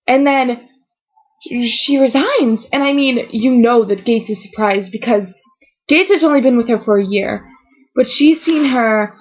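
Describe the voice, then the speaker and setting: A woman's voice: fairly high pitch, a little mellow. A woman filming a rambling, emotional fan reaction vlog at home, gushing and trailing off mid-sentence. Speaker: vlogger reacting to a TV episode. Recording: dull lo-fi webcam audio.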